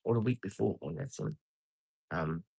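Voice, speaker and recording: A man's voice: fairly low pitch, normal speed, creaky, a little mellow, slightly rough, dry recording, low-quality recording. Chatty Australian man on a live stream. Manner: chatty, laughs often, calls viewers mate. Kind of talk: casual live stream chat.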